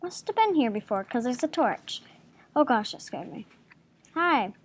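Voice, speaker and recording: A woman's voice: fairly high pitch, very animated, unhurried, breathy edge. A woman hosting a gaming channel, giving playful, giggly gameplay commentary at her home computer and chatting to the game's creatures.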